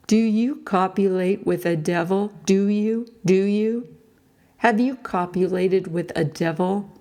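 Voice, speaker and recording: A woman voicing a cold, relentless male interrogator in an audiobook, asking the same questions over and over in a low, slow, gravelly voice. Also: fairly even intonation, dark tone. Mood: demanding. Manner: repetitive, insistent questioning.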